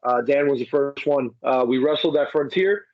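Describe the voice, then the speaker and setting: A wrestler in casual chat with an interviewer, talking loosely and filling gaps with "you know" and "like.". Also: male voice, mid-range voice, moderate pace, no echo, highs cut off. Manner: rambling, many fillers like "you know" and "like". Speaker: wrestler guest.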